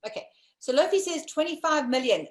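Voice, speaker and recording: A South African woman co-hosts a casual live-streamed talk show, chatty and teasing, and she addresses the viewers directly. Her high-pitched voice is expressive and a little fast.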